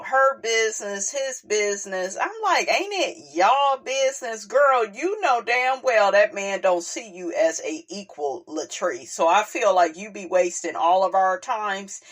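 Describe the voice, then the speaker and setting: Sassy, animated woman recapping reality TV. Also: mid-range voice, a little slow, few pauses. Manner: sassy, animated, drawls and exclaims. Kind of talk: casual recap commentary.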